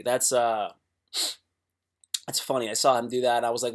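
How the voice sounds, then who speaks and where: A man's voice: mid-range voice, level tone, moderate pace. A man talking casually to his livestream chat, rambling and swearing, with many restarts.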